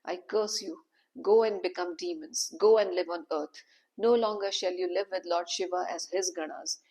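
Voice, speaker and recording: A woman's voice: fairly low pitch, moderate pace, mellow. A woman voicing a proud male sage who turns bitter and accusing in a storybook tale. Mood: furious.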